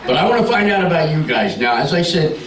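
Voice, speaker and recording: A man's voice: a little high, lively intonation, quick pace, echoey room, distant mic, low-quality recording. A man doing stand-up comedy on a club stage, teasing the audience with brash, bawdy crowd work.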